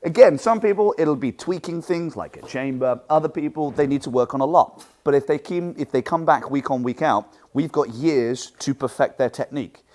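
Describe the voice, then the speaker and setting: A man coaching fellow martial arts instructors. His voice sits a little higher than most men's, and he moves through his points with lively, animated energy. He keeps slipping into quick acted-out exchanges with students. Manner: lively, animated, acts out quotes. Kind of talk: presenting a coaching seminar.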